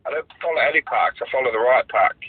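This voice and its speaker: A man's voice: mid-range voice, expressive, fast talker, husky, dry recording. A man co-hosting a podcast over a phone call, rambling and stammering in a casual chat. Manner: rambling, stammering, laughs easily. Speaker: podcast co-host. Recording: tinny phone line, dry.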